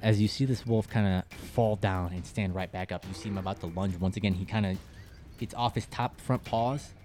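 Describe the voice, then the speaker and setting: Brief: male game master, lowish voice, patient rules explainer, light music underneath. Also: fairly even intonation, a little fast, darkish tone. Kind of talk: narrating a tabletop game.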